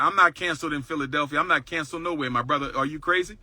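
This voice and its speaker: A man hosts a livestream with a high, very bright, cutting voice. He talks boldly and boastfully in a preaching cadence, hammering his points by repeating them. The sound is dry and close, with no room around it. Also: fast, few pauses, dry recording. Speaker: livestream host. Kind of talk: livestream talk.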